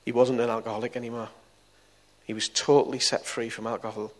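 A middle-aged man preaches to a gathering. He tells a personal story, and his voice moves between quiet, confiding passages and sudden loud bursts. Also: mid-range voice, little pitch movement, fast talker. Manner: storytelling, swings from soft to loud. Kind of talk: testimony sermon.

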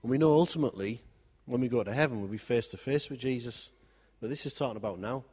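A man's voice: medium pitch, fast talker, a little mellow, slightly rough. A male preacher with a mid-range voice, speaking in a wry, conversational tone and building his points through repetition. His voice carries a long reverb tail from a large hall. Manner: wry and conversational, with repeated phrases. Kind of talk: sermon.

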